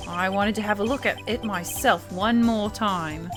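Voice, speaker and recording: A stubborn, weary male cop, voiced by an Australian woman reading game text in a grim, deliberate way. Game music plays clearly behind. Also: medium pitch, natural voice. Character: male police officer confessing, weary and stubborn.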